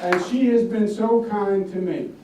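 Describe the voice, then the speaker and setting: A man's voice: sits high, fairly even intonation, a little slow. An older man from Queens with a Queens accent, giving a folksy, emphatic campaign speech and repeating lines for effect. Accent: Queens, New York. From Queens, New York. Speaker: political candidate. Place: echoey indoor office hall. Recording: echoey, distant room recording with faint noise.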